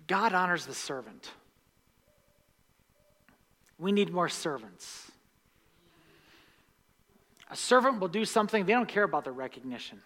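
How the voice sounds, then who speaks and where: A man's voice: high-pitched, very animated, a little slow, pauses often, sharp tone. A male pastor preaching a sermon in a church sanctuary, emphatic and repeating key lines for stress. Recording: long reverb of a large hall.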